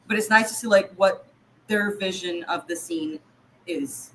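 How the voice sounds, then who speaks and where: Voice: medium pitch, a little slow, a bit bright, a little hiss or hum, low-quality recording. A podcast co-host chatting casually about an episode, enthusiastic and full of fillers. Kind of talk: casual recap chat.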